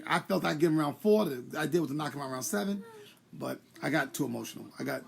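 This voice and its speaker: Gravelly New man chatting live. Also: on the high side, fast. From New York. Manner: animated, rambling, greets viewers by name. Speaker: former boxer hosting a live stream. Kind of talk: casual live-stream chat.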